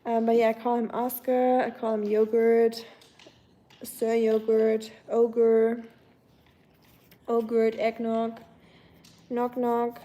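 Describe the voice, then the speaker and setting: A woman's voice: on the high side, monotone, slow pace, pauses often, dark tone, muffled recording. Chatty young woman live-streaming from home. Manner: chatty, rambling with fillers and self-corrections. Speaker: livestream host. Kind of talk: casual live-stream chat.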